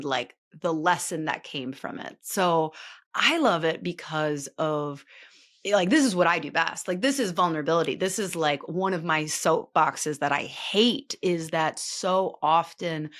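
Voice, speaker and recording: A woman's voice: lowish voice, a bit bright. A woman in her late thirties hosting a podcast, talking in a rambling, chatty way full of filler words. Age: late 30s. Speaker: podcast host. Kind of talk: casual chatty monologue.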